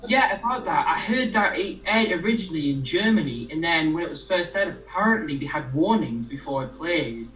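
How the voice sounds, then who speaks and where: A man's voice: fairly high pitch, expressive, fairly quick, few pauses, fairly bright tone. A man leading an interview, asking questions in a hesitant, loose way. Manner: hesitant, full of "like" and "you know". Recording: echoey room.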